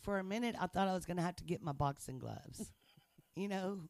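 A man tells his faith story in an easygoing, laugh-filled way. His voice sits a little high and has a gravelly fry. The recording is dry and close. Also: fairly quick, no room sound. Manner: chatty, laughs often, earnest and playful. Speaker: guest sharing a faith testimony. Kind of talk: casual testimony chat.

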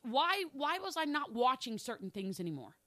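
A middle-aged woman pastor delivers a sermon in a bright, clear voice that sits a little high. She speaks candidly about her own life and hammers points home by repeating them. The sound is close and dry. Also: very animated, normal speed, no room sound. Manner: emphatic, repeats phrases for stress; candid personal storytelling.

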